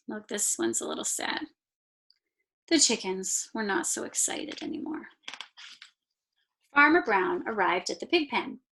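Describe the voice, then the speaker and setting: A woman teacher reading a picture book aloud to her class, slow and expressive, stopping to point out the pictures. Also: mid-range voice, vocal fry. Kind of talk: read-aloud storytime.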